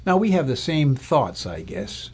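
A man's voice: fairly high pitch, sing-song, a little slow, a little mellow, husky. A man preaching a sermon as a pastor, in a conversational, thoughtful way with fillers and restarts. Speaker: Lutheran pastor or Bible teacher.

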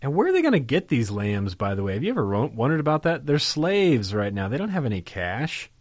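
A man's voice: medium pitch, huge pitch swings, fairly quick, dry recording. A man preaching a sermon in a conversational, emphatic way, often putting questions to his listeners. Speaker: pastor.

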